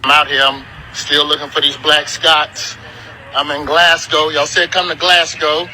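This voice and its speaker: Brash man from the U.S., joking street-vlog chatter, slightly high voice, very bright and sharp tone. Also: flat delivery, unhurried, a little hiss or hum, poor audio. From United States. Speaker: comedian.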